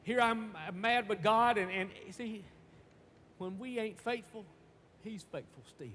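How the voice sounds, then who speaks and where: A man preaching a sermon, stammering and repeating words in folksy, emphatic speech that swings from loud to hushed. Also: high-pitched, unhurried. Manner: emphatic, swinging between shouts and hushed tones. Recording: long reverb, faint background noise.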